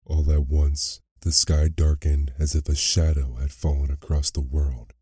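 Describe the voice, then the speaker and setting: Man reading a bedtime story, extremely deep, dark, husky, dry close recording. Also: little pitch movement, no room sound. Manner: soft, unhurried storytelling.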